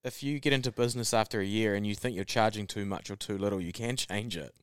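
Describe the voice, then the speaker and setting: A man co-hosting a casual podcast on a studio mic, talking things through in a steady, explaining way. His voice sits low and sounds smooth and resonant. The recording is dry and close. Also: fast, no room sound. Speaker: podcast co-host.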